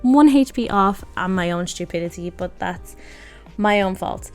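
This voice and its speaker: A woman's voice: medium pitch, measured pace, darkish tone. Woman laughing through game commentary. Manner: self-mocking, laughs often. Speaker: gaming video creator. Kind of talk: casual gameplay commentary. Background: background music.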